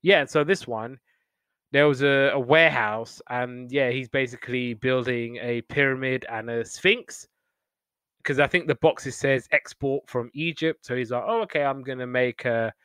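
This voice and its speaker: A young man, a podcast host, chatting casually and retelling old TV episodes in a rambling, animated way. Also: mid-range voice, unhurried, clear, resonant tone, no echo. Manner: rambling, animated retelling with playful quoted voices. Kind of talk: casual chat.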